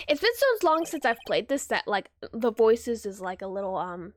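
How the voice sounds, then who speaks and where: A woman's voice: a little high, sing-song, moderate pace, few pauses, slight background noise. A woman streamer giving casual gameplay commentary, chatty and self-correcting, her voice a bit weak from a recent illness. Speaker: let's play streamer.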